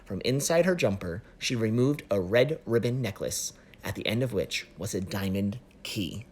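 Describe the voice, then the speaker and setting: A woman reading a children's picture book aloud with expressive storytelling. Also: extremely low pitch, normal speed, slightly rough. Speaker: guest story reader.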